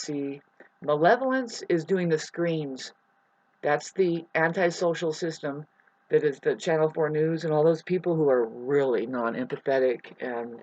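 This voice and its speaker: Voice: medium pitch, darkish tone, no echo. Vlogger, mid-range voice, meandering monologue full of restarts; dry, lo-fi sound. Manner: meandering, free-associating, with many restarts and pauses. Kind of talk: rambling spoken monologue. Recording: dry, slightly dull lo-fi sound.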